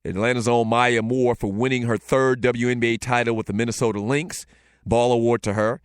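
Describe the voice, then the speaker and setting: A man in his forties with a Southern Lowcountry accent, hosting a casual talk show, telling stories loosely and joking with the chat. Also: fairly even intonation, brisk, clear, resonant tone, dry recording, clean studio sound. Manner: loose, joking, storytelling with frequent fillers. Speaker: show host.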